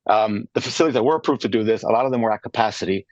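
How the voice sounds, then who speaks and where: A man's voice: fairly low pitch, rapid-fire, no echo, lo-fi sound. A man in his thirties, a guest on a radio interview, telling his story in a rambling way with many restarts and fillers. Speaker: guest, charcuterie maker. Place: radio studio.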